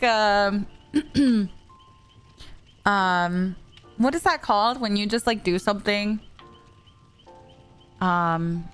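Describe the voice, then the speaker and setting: Young woman game streamer, casual and chatty, unhurried delivery, hums to herself between lines. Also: medium pitch, a bit bright, clear, resonant tone. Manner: chatty, hums little vocal stims. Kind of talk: casual gameplay chat while answering viewers.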